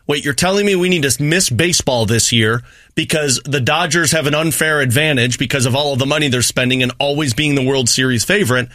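A man co-hosting sports talk radio who explains his frustrations in a candid, animated way. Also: mid-range voice, brisk, no echo, studio quality.

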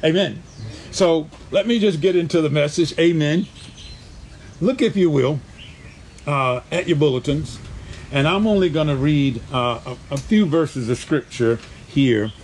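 Slightly slow and fairly high-pitched with a darkish tone, this pastor's voice comes through over slight background noise. Reading scripture during his church sermon, he hammers his points home by restating them and calling out "amen" to the congregation.

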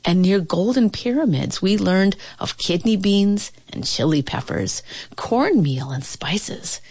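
Woman reading a storybook aloud; husky, lively intonation, dry close sound. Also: medium pitch, no room sound. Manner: expressive, playful, with laughs and dramatic pauses. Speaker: storybook reader. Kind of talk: reading a picture book aloud.

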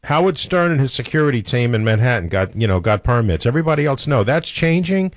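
Animated New York man on radio. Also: medium pitch, fast, no room sound. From New York City. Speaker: radio show co-host. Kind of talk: casual radio talk.

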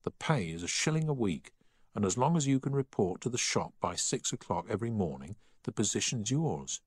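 A man's voice: fairly low pitch, big pitch swings, fairly quick, husky, dry recording, studio quality, pitched above the performer's own voice. A man reading the part of a studious schoolboy who speaks seriously and in a matter-of-fact way.

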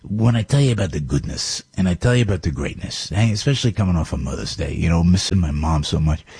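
A man's voice: low voice, expressive, fast, darkish tone, husky. An older man with a New Jersey accent, hosting a morning radio show and telling a rambling story with many restarts. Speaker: radio host.

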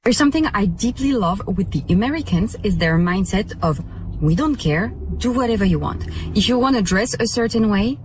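A woman's voice: mid-range voice, animated, moderate pace, a little mellow, a little hiss or hum. A French woman speaking English with a French accent, earnest and reflective in a casual vlog. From France.

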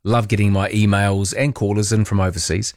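A late-night talk radio host with a fairly low, steady, darkish voice talks fairly quickly, close to a studio microphone in a dead, dry room with no room sound. He chats casually through the small hours, wry and full of questions for his listeners.

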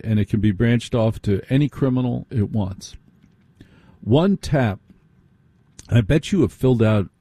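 A man hosts a late-night radio talk show with a mellow, husky voice. He talks to listeners in a chatty way and keeps asking them questions. The studio sound is dry and close. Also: medium pitch, dry recording. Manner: conversational, addresses listeners directly with rhetorical questions. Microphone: studio microphone.

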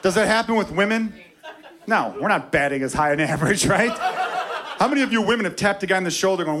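Brash high-voiced stand-up comic, live crowd. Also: male voice, fast, noisy background. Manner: brash, profane, punchy delivery. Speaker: stand-up comedian. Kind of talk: stand-up comedy set. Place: club stage before a laughing crowd. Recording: live club recording with crowd laughter.

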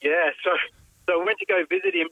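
A man calling in by phone, telling a story haltingly with many "uh"s. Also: sits high, huge pitch swings, vocal fry, dry recording, narrow, tinny audio. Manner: halting, filler-heavy with many "uh"s. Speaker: caller. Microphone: phone line.

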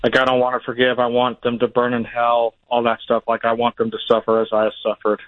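A man from Ohio calling into a radio show, speaking haltingly with many fillers and a resentful tone. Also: medium pitch, completely flat delivery, no echo. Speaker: caller. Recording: tinny phone line.

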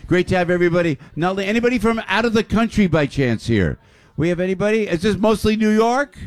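A man's voice: high voice, expressive, quick pace, no echo. An older man hosting a live radio show before a crowd in a restaurant, greeting people exuberantly and repeating his phrases. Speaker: radio host.

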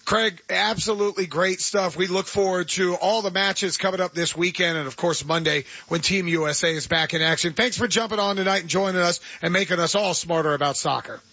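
A man's voice: sits high, fairly even intonation, brisk, few pauses, bright, forceful tone, dry recording, dull audio. A man hosting a sports radio show, chatting with enthusiasm and reading promos. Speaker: radio host.

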